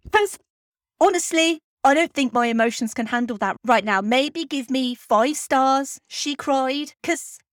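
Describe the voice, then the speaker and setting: A woman's voice: on the high side, normal speed, few pauses, dry recording, clean studio sound. Tearful woman podcast host. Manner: heartfelt and earnest, voice wavering. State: tearful, emotional. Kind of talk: personal monologue to listeners.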